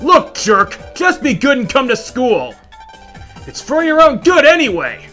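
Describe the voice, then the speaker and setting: A man's voice: very high voice, wildly swooping pitch, measured pace, pushed and bright, soft background music, heavily acted. A man voicing a bossy young schoolgirl class president who scolds imperiously.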